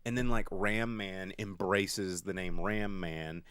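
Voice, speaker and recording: Rambling low-voiced man reviewing movies. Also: slow, smooth, dry recording, clean studio sound. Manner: rambling, animated, acts out movie lines in silly voices. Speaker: podcast co-host reviewing movies. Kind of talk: casual chat. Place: studio.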